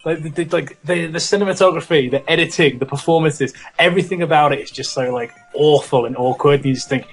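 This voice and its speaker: A man's voice: on the high side, quick pace, few pauses, breathy edge, soft background music. A man from Britain, co-hosting a let's play, telling stories in an irreverent, rambling way. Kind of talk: casual podcast chat.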